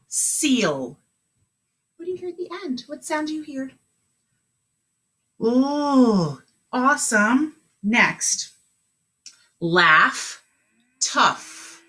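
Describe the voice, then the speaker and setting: A woman's voice: fairly high pitch, pushed and bright. A woman teaching a remote kindergarten lesson, talking in an encouraging, sing-song way with lots of praise.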